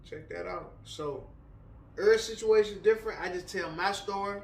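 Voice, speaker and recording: Casting note: man from Richmond, high voice, preacher sharing testimony in loose slang, roomy distant recording. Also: moderate pace, gravelly, a little mellow. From Richmond, Virginia. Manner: slangy, conversational, many "you know what I'm saying". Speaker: author and speaker, minister. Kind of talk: casual motivational testimony. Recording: roomy, somewhat distant mic.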